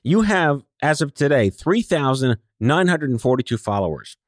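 A man's voice: mid-range voice, sing-song, moderate pace, no room sound. Guy hosting a radio chat, jokey teasing banter, dry close sound. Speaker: radio host. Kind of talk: casual radio interview.

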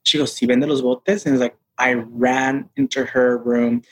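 Guy telling a story in an interview, mid pitch, keeps jumping into other voices for quotes. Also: moderate pace. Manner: animated, acts out quotes in a higher voice. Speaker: interview guest.

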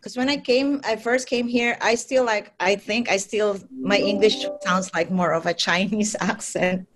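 Woman from the Philippines, a nurse, talks in easy chatty bursts, often breaks into laughter, and restarts her sentences. Her pitch sits in an ordinary middle range. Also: steady tone, a little slow, music in the background. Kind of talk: casual interview answer.

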